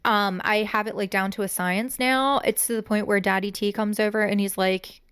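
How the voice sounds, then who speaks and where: A woman's voice: mid-range voice, fairly even intonation, normal speed, a bit bright, clear, resonant tone. An East Coast American woman co-hosts a podcast in easy, unscripted chat. She is enthusiastic and peppers her talk with casual swearing. Her voice sits in an ordinary middle range. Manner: chatty, enthusiastic, swears freely. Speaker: podcast co-host.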